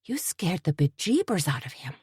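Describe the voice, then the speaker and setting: A woman's voice: lowish voice, sing-song, moderate pace, a little mellow, husky, no room sound, clean studio sound, full character voice. A woman reading an audiobook voices a plucky café owner who exclaims with breathless urgency. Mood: urgent.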